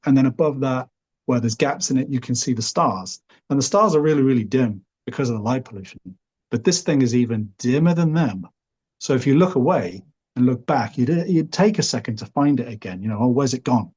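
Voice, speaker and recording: A middle-aged man with a Liverpool English accent, a podcast guest telling a long story in a relaxed, rambling way full of "sort of" and "you know". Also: medium pitch, slightly rough. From Liverpool, England.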